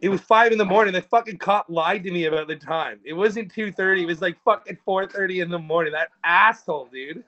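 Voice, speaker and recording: A man's voice: sits high, a little fast, hardly any pauses, pushed and bright, dull audio. A man telling rambling, profane stories in a casual podcast chat. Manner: rambling and profane, with frequent restarts. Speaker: podcast co-host.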